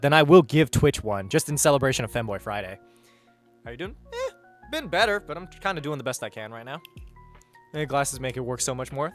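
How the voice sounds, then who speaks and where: A young-sounding man talks loosely into a streaming mic, his pitch bouncing up and down as he rambles. He hesitates often, swears casually and reacts to chat. Faint music plays behind him. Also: a bit bright, no room sound. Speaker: livestreamer reading chat.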